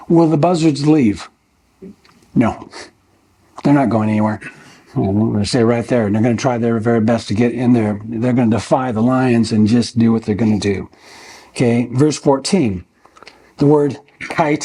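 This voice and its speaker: A man's voice: medium pitch, dark tone, husky. An older man preaching a verse-by-verse sermon in a church. He talks in a folksy, conversational way, asks his listeners rhetorical questions, and keeps checking in with "okay?". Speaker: pastor.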